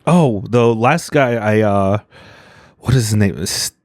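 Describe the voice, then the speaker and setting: A man chatting as a podcast guest, animated and full of jokes and fillers. His voice sits on the lower side, recorded close on a dry podcast mic. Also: slow pace, no echo. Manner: animated, jokey, lots of fillers. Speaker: comedian guest. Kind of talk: casual podcast chat.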